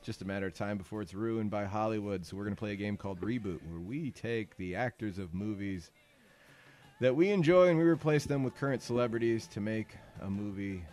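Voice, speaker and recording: A man co-hosting a casual comedy podcast, loud and profane, laughing often. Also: on the low side. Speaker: podcast co-host.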